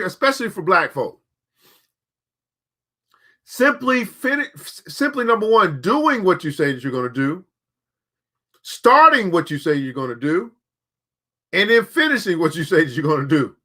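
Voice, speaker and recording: A man's voice: high-pitched, very animated, normal speed, pauses often, sharp tone. A man hosting a show, giving motivational commentary between book readings, preachy and repeating key phrases for emphasis. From United States. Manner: colloquial, addresses listeners directly. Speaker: show host.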